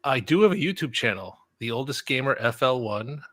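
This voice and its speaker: A man hurries through earnest plugs for his channels. His voice is bright and sharp, and the recording is dry and close. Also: mid-range voice, expressive, brisk, no echo. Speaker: guest. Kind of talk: casual live-stream chat.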